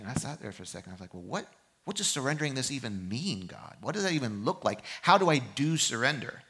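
Male pastor, sermon delivery, bright and forceful tone, middle pitch, shifts between loud urging and soft reflection. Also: big pitch swings, fast talker, breathy edge. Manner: impassioned preaching that swings from loud exhortation to quiet reflection. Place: church service.

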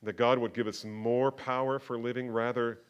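A man's voice: mid-range voice, little pitch movement, normal speed, clear, resonant tone, lo-fi sound. Man preaching a sermon. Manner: builds from quiet talk to loud emphatic preaching. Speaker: pastor. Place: church sanctuary.

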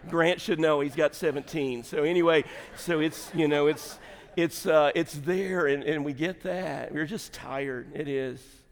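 A middle-aged male pastor with a fairly high voice tells a funny family story from the pulpit, chuckling as he goes. His voice rings out in a church with a long, hanging reverb. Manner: humorous, chatty, laughs often. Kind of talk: storytelling sermon. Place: church sanctuary.

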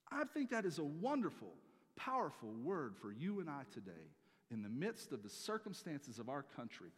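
A man preaching a sermon as pastor, swinging between loud emphatic peaks and quiet asides. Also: on the high side, huge pitch swings, moderate pace, husky, in a large hall.

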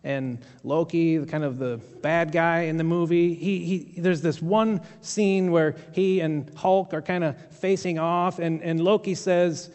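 Storytelling preacher in an echoing hall. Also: male voice, on the high side, fairly even intonation, measured pace, few pauses, a little mellow, smooth. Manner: conversational storytelling with humorous asides. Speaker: pastor. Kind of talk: sermon. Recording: long hall reverb.

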